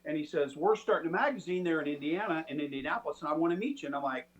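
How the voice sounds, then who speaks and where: A man with a high voice tells a story in a loose, chatty way. He puts on the voices of the people he quotes. He sounds middle-aged. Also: very fast. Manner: animated, acts out quoted people. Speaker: storytelling guest. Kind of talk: casual storytelling.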